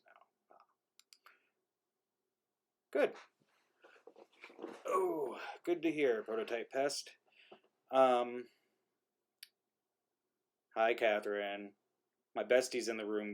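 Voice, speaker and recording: A man's voice: mid-range voice, extremely slow, long pauses. Male writer-host, rambling and self-deprecating, chatting over a video call mic. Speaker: playwright and host of an online play reading. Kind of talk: casual chat on a video call.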